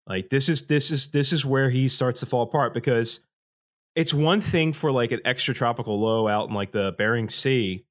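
A man hosting a podcast in a relaxed, casual chat. He rambles, circles back on himself with plenty of fillers, and swears freely. His voice sits at an everyday middle pitch. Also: normal speed. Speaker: podcast host presenting slides.

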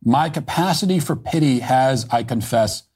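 A man reading a cutting, emphatic opinion monologue. His voice is husky with a mid pitch. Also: lively intonation, moderate pace, a little mellow. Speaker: political commentator.

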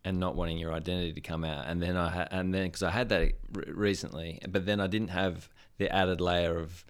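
A man hosting a casual conversation, reflective and halting as he works through his thoughts. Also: deep voice, steady tone. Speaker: podcast host. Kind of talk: casual chat.

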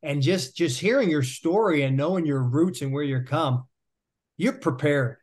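A man's voice: a little high, normal speed, a little mellow. A man hosting a podcast with a slightly raised voice, upbeat and encouraging. He cheers his guest on with hyped, coach-like energy. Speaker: podcast host. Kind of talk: podcast interview.

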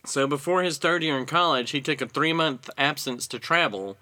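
A man recounting a story in an easygoing, conversational way. His voice sounds bright and forward, and he clears his throat now and then as he goes. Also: fairly high pitch, moderate pace. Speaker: podcast co-host telling a story. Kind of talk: casual chat.

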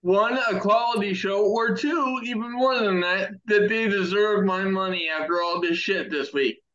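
A man co-hosting a podcast, making his points in a deliberate, emphatic way. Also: sits high, a bit bright, reverberant, dull audio. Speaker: podcast co-host. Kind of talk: casual chat.

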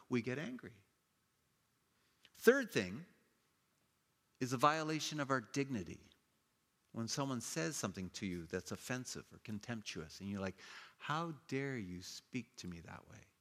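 A man preaching a sermon, telling stories in a lively way and acting out the people in them with playful voices. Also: mid-range voice. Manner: animated storytelling with playful quoted voices. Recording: long hall reverb.

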